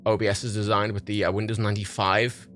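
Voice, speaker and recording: A man's voice: lowish voice, level tone, fast, fairly bright tone, soft background music. A young man hosting a casual livestream from his home office, rambling and swearing as he talks. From Britain. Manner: sweary, rambling, restarts often. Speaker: livestream host.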